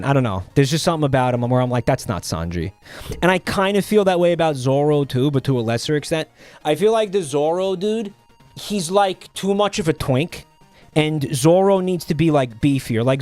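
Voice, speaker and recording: Guy streaming, just rambling to chat, lots of um and like, kinda dry and sarcastic, music low in the back. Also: a little mellow, no room sound. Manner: rambling, halting, with many fillers and restarts; offhand and sardonic. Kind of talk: casual live-stream chat.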